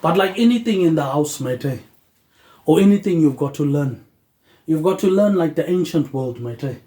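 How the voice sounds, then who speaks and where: A man hosts a rambling philosophical monologue. His train of thought drifts loosely, and he closes nearly every phrase with a quieter tag word. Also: a little high, expressive, normal speed. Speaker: host. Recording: echoey room.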